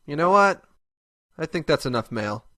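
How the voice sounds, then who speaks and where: Voicing a scornful, crude cartoon host who mocks everyone abrasively, a man speaks in a fairly high, sing-song, fairly bright voice at a moderate pace. The studio sound is clean with no room sound, made for comedic web cartoon voice acting.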